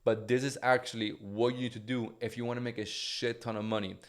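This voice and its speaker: A man's voice: mid-range voice, little pitch movement, fairly quick. A man giving casual motivational business advice to camera, loose and profane, with lots of fillers like "right?" and "you get me?". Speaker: online business coach.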